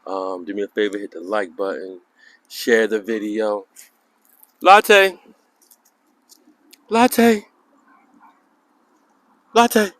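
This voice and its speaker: A man's voice: level tone, moderate pace, no room sound. Man chatting about his dogs. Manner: talks to his dogs in a high coaxing voice. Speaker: vlogger filming his dogs. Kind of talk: casual chat to viewers. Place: outdoors in a yard.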